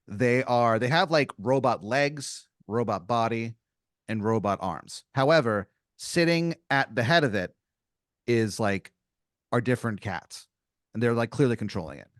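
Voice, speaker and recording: A man's voice: mid-range voice, animated, unhurried, no room sound. A man hosting a comedy podcast, improvising a story with a playful, rambling, filler-heavy delivery on a close mic.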